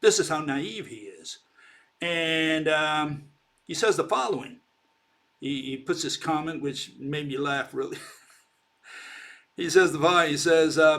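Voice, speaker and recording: Emphatic man lecturing on science, higher voice. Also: moderate pace, a bit bright. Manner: emphatic, keeps asking "okay?", mocking of critics. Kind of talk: informal explanatory lecture.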